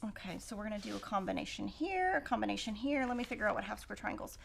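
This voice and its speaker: A woman's voice: medium pitch, lively intonation, quick pace, gravelly, a little hiss or hum. A middle-aged woman hosting a quilting livestream, chatting and telling stories while she cuts fabric and thinks aloud through the math. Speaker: quilting show host. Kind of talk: casual chat while cutting fabric.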